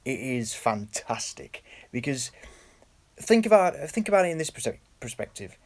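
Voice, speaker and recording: A man's voice: mid-range voice, darkish tone. A young man chatting casually on a live stream from his phone, rambling and stumbling over his words as he greets viewers by name.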